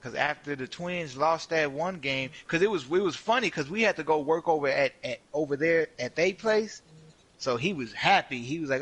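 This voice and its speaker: A man's voice: on the high side, normal speed, rough recording. A young man streaming a game, casually telling a profane, slangy work story and acting out what people said. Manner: animated, profane, slangy, acts out quotes. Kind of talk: casual storytelling while gaming.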